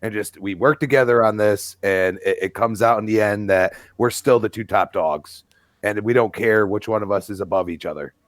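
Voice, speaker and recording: A man's voice: fairly low pitch, normal speed, no echo. A man on a gaming podcast panel who talks in a laid-back, joking way and says "you know" often. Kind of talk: casual panel chat.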